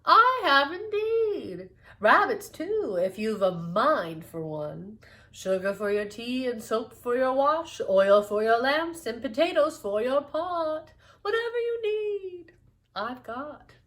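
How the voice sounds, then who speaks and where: A woman voicing a hearty shopkeeper woman in a storybook, with loud, booming sales patter. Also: very animated, slow, exaggerated voice. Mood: cheery.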